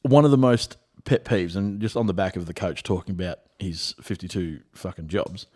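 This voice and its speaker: A man's voice: sits low, normal speed, mellow, husky. Man, crude, swears a lot, fired-up casual banter. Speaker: podcast co-host.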